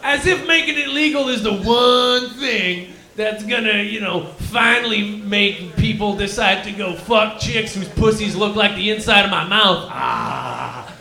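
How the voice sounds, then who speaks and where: A man putting on a crude, permanently stoned Texan cobra who drawls and rambles through a live stand-up bit. The voice sits very high and sounds bright and sharp. It rings around a roomy club room. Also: measured pace, creaky, hardly any pauses, heavily acted. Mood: stoned rowdy. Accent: Texan, put on. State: claims to be high, cotton mouth. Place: comedy lounge stage, live.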